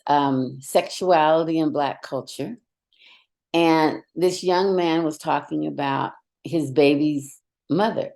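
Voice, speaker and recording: A middle-aged woman, a longtime educator, telling animated stories in a direct, emphatic way as a podcast guest. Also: low-pitched, creaky. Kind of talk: storytelling in conversation.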